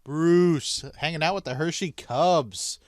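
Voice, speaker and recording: A man's voice: a little high, slow, darkish tone, no room sound, clean studio sound. A man hosting a casual hockey podcast, easygoing and laughing along with his co-host. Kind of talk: casual sports podcast chat.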